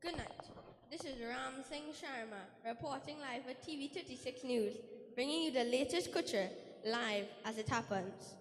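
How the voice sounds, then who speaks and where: A woman's voice: high voice, moderate pace, lightly acted. A woman playing an earnest male TV field reporter in a stage comedy skit. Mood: announcing. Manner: formal newscaster delivery, growing exasperated. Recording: reverberant hall stage.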